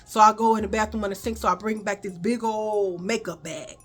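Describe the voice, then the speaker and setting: A woman telling a childhood story in a casual, animated way, calling her viewers y'all and baby. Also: mid-range voice, brisk, soft background music. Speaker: storyteller vlogger.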